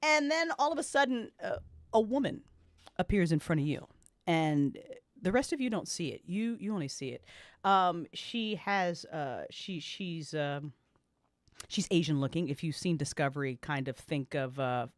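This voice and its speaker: A woman's voice: low-pitched, measured pace, no room sound, studio quality. A woman narrating as game master of a tabletop game, in a casual, profane, rambling way.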